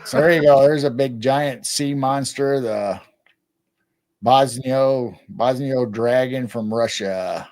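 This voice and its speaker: Man in his 60s hosting a late night stream, rambly and laid back, chuckles a lot, average pitch. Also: takes it slowly, a little mellow. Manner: easygoing, rambling, chuckles between remarks. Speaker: live stream host. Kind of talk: casual late-night chat.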